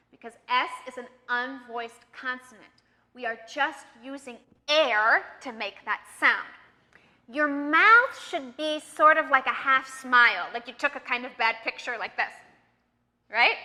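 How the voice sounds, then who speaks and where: American woman, accent trainer; high, crisp voice, patient and encouraging; reverberant room. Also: sharp tone. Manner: clear, patient, encouraging teacher talk. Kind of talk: online pronunciation lesson.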